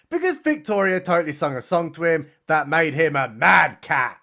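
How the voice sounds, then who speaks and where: A man's voice: fairly high pitch, lively intonation, moderate pace, few pauses, bright, forceful tone. A man with a British accent giving a mocking, exasperated comedic recap of a film, swearing casually as he goes. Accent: British English.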